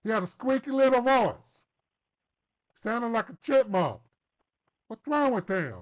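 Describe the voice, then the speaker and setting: A man's voice: very high voice, big pitch swings, measured pace, heavily acted. A man playing a brash, crude older caller who taunts a phone scammer with insults. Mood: taunting. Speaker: scambaiter host. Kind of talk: prank call taunting.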